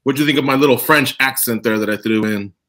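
A man's voice: mid-range voice, fast talker, a bit bright. A man hosting a radio interview, playful and upbeat, sometimes stumbling over his questions. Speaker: radio show host. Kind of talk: casual interview.

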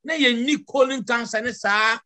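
Ghanaian man, 60s, emphatic church speaker, high bright tone, dry close sound. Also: normal speed, dry recording. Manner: emphatic, mixes English words into his talk. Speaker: church member giving a response. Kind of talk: impassioned church discussion.

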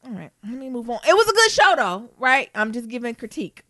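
A woman chats on her podcast with a lively, higher voice that rises and falls constantly. She teases, swears freely and jokes with her co-host. The sound is close and dry, with no room around it. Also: fast, no room sound. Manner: animated, swearing, playful and teasing. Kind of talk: casual chat.

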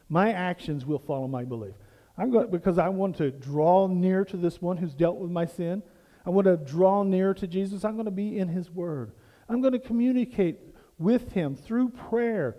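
High-voiced preaching pastor in a reverberant hall. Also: male voice, mellow. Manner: preaching with rising emphasis and repeated questions. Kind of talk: sermon. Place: church sanctuary.

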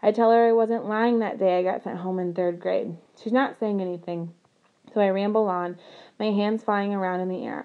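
A woman reading a novel aloud in first person, with earnest, steady storytelling. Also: medium pitch, normal speed, phone-quality sound. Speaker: audiobook narrator.

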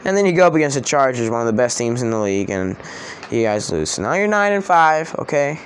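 A man chatting through his season predictions in a loose, rambling way, often stopping to correct himself. His voice sits at an everyday middle pitch, with a faint hum of background behind him. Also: big pitch swings, fast. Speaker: sports vlogger. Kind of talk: casual sports predictions vlog.

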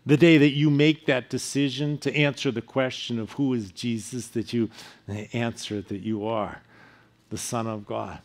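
A man, a pastor, preaching a sermon in an earnest way, his voice often falling soft at the ends of phrases. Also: mid-range voice, little pitch movement, measured pace. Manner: earnest preaching with softer dropping phrase endings.

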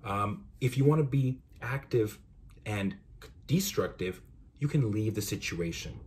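A young man hosting a podcast, talking through course ideas in a relaxed, conversational way with frequent asides. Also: fairly low pitch, unhurried, slight background noise. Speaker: podcast host. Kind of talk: casual explainer monologue.

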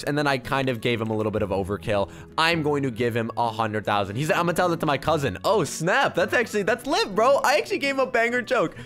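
Hyped gaming host, a man, slightly high voice, faint music under him. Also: a bit bright. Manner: hyped, jokey, reads in-game chat aloud. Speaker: gaming YouTuber. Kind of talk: excited gameplay commentary.

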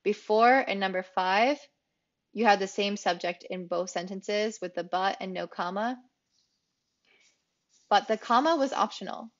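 Woman, English teacher, grammar lesson, clear explanatory delivery, mid pitch, slightly dull lo-fi sound. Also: measured pace, long pauses. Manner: clear, explanatory, repeats key phrases for emphasis.

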